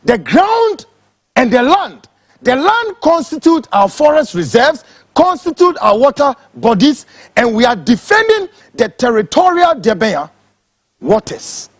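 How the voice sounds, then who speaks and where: A Ghanaian man delivers a furious political tirade, his high voice leaping up and down as he switches between English and Twi. The tone is a little husky and the sound is dry and close, with no room echo. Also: very animated, unhurried. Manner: angry, shouting, mixing English and Twi. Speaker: political commentator. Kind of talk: impassioned political rant.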